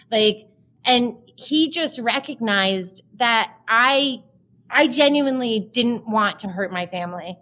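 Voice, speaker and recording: Woman, 30s, podcast guest; high-ish voice, candid, emotional, filler-heavy storytelling. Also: animated, takes it slowly, pushed and bright.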